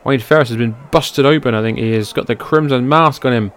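Excitable man calling wrestling. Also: a little fast. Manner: swings from low, offhand calling to loud, high-pitched shouting outbursts, swearing. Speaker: wrestling commentator. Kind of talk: amateur play-by-play commentary over old footage. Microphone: personal microphone.

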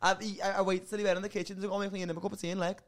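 High-voiced man spinning a yarn. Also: little pitch movement, rapid-fire. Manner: rambling, repeats "listen" and "like", bursts of laughter. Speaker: podcast guest. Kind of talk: casual comedic storytelling.

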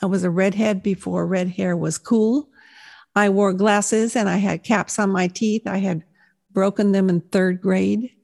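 A woman's voice: medium pitch, fairly even intonation, measured pace, gravelly, a little mellow. A woman in her sixties giving a personal faith testimony, telling her story in an earnest, reflective way. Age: 60s.

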